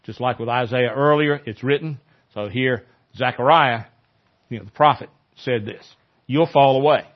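Male pastor, mid-pitched, conversational sermon delivery, mildly lo-fi recording. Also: normal speed. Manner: conversational, animated when quoting scripture.

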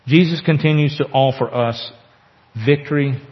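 A man preaching a sermon as pastor, earnest, with slow emphatic pauses. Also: on the high side. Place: church sanctuary. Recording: echoey church hall, dull lo-fi sound.

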